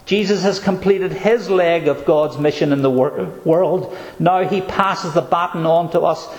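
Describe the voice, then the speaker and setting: Guy preaching, bit high voice, leans hard on key words, echoey church sound. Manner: earnest, emphatic, repeats key phrases slowly. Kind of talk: sermon.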